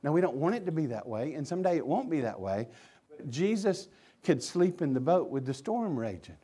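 A pastor preaching with a fairly high voice. He talks with passion, going from loud and pressing to low and quiet. His delivery is fervent and direct. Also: big pitch swings, a little fast, husky. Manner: impassioned, swings from loud to hushed. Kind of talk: sermon.

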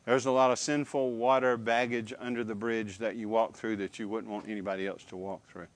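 A man preaching a sermon, emphatic and animated, with repeated phrases and questions to the congregation. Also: on the low side, fairly quick.

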